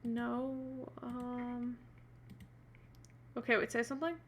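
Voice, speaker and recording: A woman's voice: fairly high pitch, level tone, takes it slowly, slight background noise. A woman narrating a tabletop role-playing game as game master on a live stream, hesitant and full of fillers.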